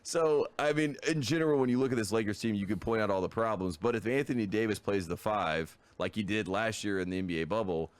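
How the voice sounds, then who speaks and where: A man's voice: lowish voice, fast, few pauses, dry recording. A young man co-hosting a sports podcast in casual chat, confidently laying out stats and arguments. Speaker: podcast co-host.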